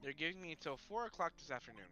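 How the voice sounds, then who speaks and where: A man reading the lines of a worried young woman in a game, in a flat, quick read-along manner. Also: on the high side, roomy sound, faint music behind.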